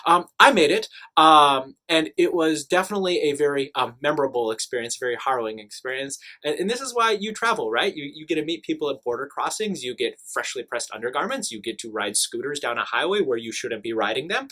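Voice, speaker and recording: A young man, a teacher, casually telling travel stories to the camera in an animated, chatty way with lots of fillers. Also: fairly high pitch, fairly quick, hardly any pauses.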